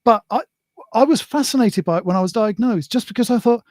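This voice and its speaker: A man's voice: sits high, quick pace, darkish tone, no room sound, clean studio sound. British man in hesitant, chatty talk. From Britain. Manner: tells jokes with put-on voices, hesitant fillers. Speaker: guest. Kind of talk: casual chat.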